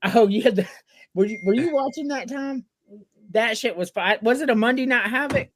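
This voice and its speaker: A woman's voice: fairly high pitch, moderate pace, a little hiss or hum. A woman co-hosting a casual podcast, telling stories with frequent laughs and swearing. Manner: giggly, profane storyteller. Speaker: podcast co-host. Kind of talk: casual chat.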